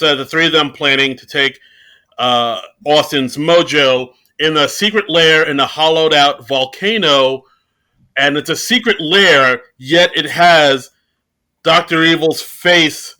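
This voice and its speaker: A man co-hosting a podcast, chatting casually and tossing in playful quick jokes. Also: on the high side, bright, forceful tone. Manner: playful, quick jokey replies. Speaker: podcast co-host.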